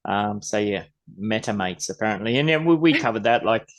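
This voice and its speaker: A man with an Australian accent co-hosting a podcast, joking and swearing casually in relaxed chat. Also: fairly low pitch, brisk, a little hiss or hum. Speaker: podcast co-host.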